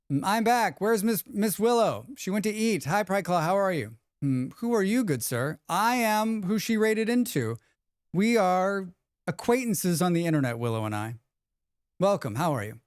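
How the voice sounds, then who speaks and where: A young man rambles through a relaxed live-stream chat and reads viewers' messages back to them. His voice is smooth and clear, recorded dry and close with hardly any room sound. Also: high voice, normal speed, dry recording. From United States.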